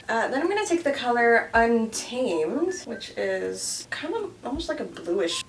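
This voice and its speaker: A woman's voice: a little high, normal speed, creaky, few pauses, far from the mic, faint music behind. A woman in her thirties with a Canadian accent, chatting casually and jokingly through a makeup tutorial. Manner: playful, joking, animated. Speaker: beauty vlogger.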